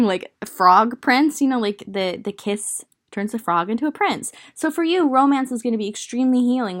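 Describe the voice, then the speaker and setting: A young woman with a Southern drawl lays out tarot cards in a loose, meandering way, thinking aloud and stopping for fillers. Her voice sits a bit low for a woman. She talks like she's chatting straight to one listener. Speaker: tarot reader. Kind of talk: casual tarot reading.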